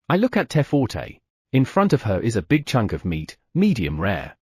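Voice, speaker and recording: A man narrating a fantasy audiobook in first person, giving the other characters small shifts of pitch. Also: huge pitch swings, moderate pace, a little mellow, husky, no room sound, studio quality.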